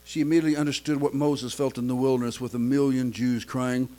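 A man's voice: medium pitch, level tone, fast talker, dark tone, rough recording. A man pastor preaching a sermon, with a chanting cadence and frequent "uh" fillers.

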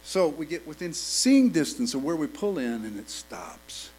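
A middle-aged man preaching a sermon, telling a story with animated swings between hushed and loud delivery. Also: a little high, moderate pace, breathy edge, poor audio.

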